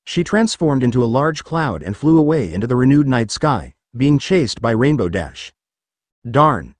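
A man reading a fan story aloud as scripted narration, with an expressive delivery. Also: mid-range voice, normal speed, dry recording. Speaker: story reader.

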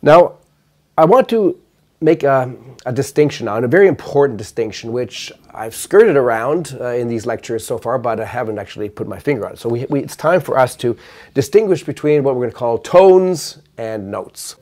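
A man's voice: medium pitch, animated, a little mellow. Man explaining at a piano. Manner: measured, explanatory, counting notes aloud. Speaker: math lecturer. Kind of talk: lecture with piano demonstration. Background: piano notes.

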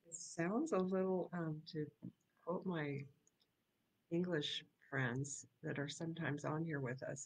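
A woman's voice: sits low, unhurried, rough recording. A woman hosting a live devotional, reading scripture aloud and reflecting in a casual, conversational way with frequent little laughs. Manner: casual and conversational, laughs often, many ums. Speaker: devotional host and missionary.

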